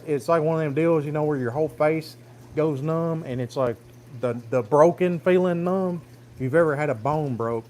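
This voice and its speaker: A man's voice: medium pitch, a little mellow, slight background noise. Folksy man telling a farm story. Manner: rambling, folksy, plain-spoken. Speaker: farm vlogger. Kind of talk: casual livestream storytelling. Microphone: phone camera.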